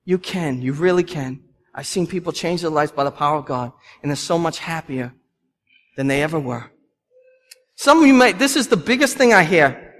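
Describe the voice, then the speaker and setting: A man's voice: a little high, expressive, normal speed, fairly bright tone. A man, preaching a sermon with passion and repeating lines for emphasis. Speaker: pastor. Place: church. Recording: long hall reverb.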